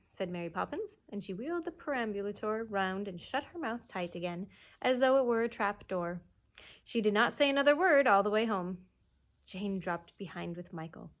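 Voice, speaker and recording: A children's librarian reading a chapter book aloud at story time, expressive, with hushed asides. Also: female voice, medium pitch, normal speed.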